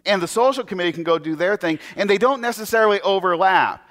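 A man preaching from the pulpit, his voice sitting a little higher than most men's. He tells a story with lots of animation, slipping into the voices of the people in it. His sentences often stall and restart before he pushes on. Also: fairly quick. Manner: animated storyteller who acts out quoted voices; frequent stammered restarts. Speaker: pastor. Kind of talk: sermon.

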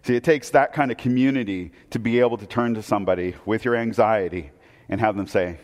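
A man preaching a sermon, telling a story that swings between loud excitement and hushed, intense moments. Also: fairly low pitch, brisk. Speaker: pastor. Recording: long hall reverb.

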